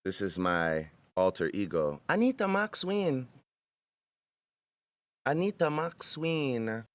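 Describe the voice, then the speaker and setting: Brief: woman doing a very low, slow comic alter ego, dry close sound. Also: sing-song, no room sound, exaggerated voice. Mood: hammy. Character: deep-voiced woman alter ego in a hat.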